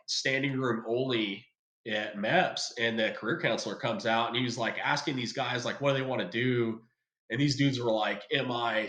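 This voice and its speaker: A man in his forties, a retired soldier, telling a story in a casual podcast chat and acting out the people he quotes. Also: medium pitch. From United States. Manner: animated, acts out quoted voices, swears freely. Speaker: podcast guest. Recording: echoey room.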